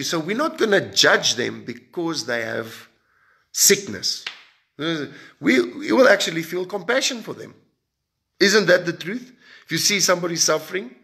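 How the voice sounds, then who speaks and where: A man preaching a sermon in an emphatic way, with sudden rises and drops in pitch and loudness and frequent repeated words. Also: gravelly.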